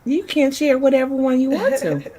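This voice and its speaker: A woman's voice: high-pitched, sing-song, moderate pace, dark tone. A woman hosting a talk show, affirming and encouraging her guest in faith-based talk.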